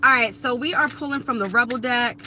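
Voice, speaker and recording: A woman's voice: fairly high pitch, fairly quick, sharp tone, a little hiss or hum, low-quality recording. A woman in her thirties doing a casual live tarot reading, talking bluntly and with profanity straight to her viewers. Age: 30s. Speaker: tarot reader.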